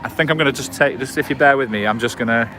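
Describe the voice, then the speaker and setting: It's nighttime on a promenade, and an Englishman in his forties is livestreaming to viewers on a gimbal-mounted phone, chatting loosely with many fillers and restarts. He talks fast in a mid-range voice against a noisy background.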